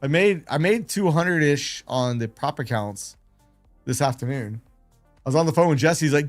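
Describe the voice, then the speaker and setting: Animated rambling male stream host. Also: on the high side, moderate pace, soft background music. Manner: rambling, animated, self-deprecating. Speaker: live trading stream host. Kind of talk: casual livestream chat.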